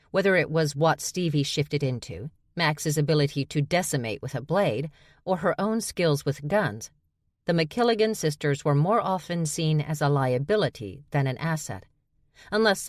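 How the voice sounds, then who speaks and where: A woman's voice: sits low, no echo. A woman narrating an audiobook with wry, dry storytelling. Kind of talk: scripted narration.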